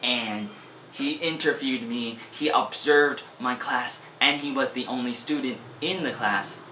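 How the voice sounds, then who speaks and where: A man's voice: mid-range voice, sharp tone, reverberant, slight background noise. An American man in his twenties, an English teacher from Oregon, talking in a rambling, playful way in a casual teaching vlog. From Oregon, USA. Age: 20s. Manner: rambling, playful, repeats words as he goes.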